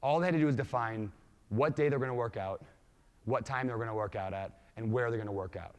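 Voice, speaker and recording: A man with an accent mixing Minnesota, Washington and Hawaii gives an energetic keynote talk, quizzing the audience with questions. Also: medium pitch, a little fast. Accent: mixed Minnesota, Washington and Hawaii. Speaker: conference speaker. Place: large conference hall. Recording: reverberant conference hall.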